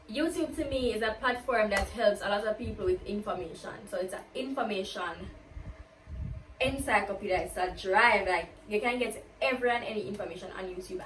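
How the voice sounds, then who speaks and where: A woman's voice: medium pitch, bright, forceful tone, a little hiss or hum. Chatty woman, roomy distant sound. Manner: chatty, peppers talk with "like", slips into patois. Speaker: YouTuber. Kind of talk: casual get-to-know-me Q&A. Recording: roomy, distant from the mic, faint ambience.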